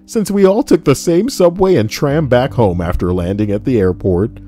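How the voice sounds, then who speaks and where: Reading posts from the internet and riffing on them, a male streamer speaks at medium pitch with an expressive, mellow delivery, normal speed and few pauses. He's a reddit story reader whose casual live commentary is full of swearing, asides, laughter and mock voices, all over light guitar music.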